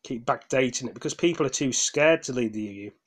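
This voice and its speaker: A tired gaming vlogger rants heatedly in a casual vlog, swearing, rambling with restarts and apologizing as he goes. His medium-pitched voice is husky and quick.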